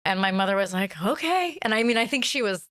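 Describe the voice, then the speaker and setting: An American woman guest in an interview, telling stories in a lively way, laughing often and acting out what others said. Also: medium pitch, fast, clear, resonant tone, no room sound, studio quality. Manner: animated storytelling, laughs often, quotes others. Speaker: author guest. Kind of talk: interview conversation.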